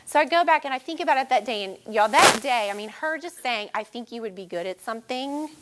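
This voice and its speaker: A woman's voice: on the high side, animated, brisk, very noisy. A woman telling a personal story to a live audience, earnest and at times tearful. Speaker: speaker sharing her story. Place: event room with audience.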